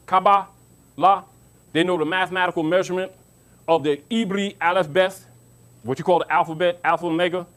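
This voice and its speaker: High-voiced man giving an emphatic talk. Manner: emphatic, repeats himself, asks listeners if they understand. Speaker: lecturer. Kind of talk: informal teaching talk to an audience.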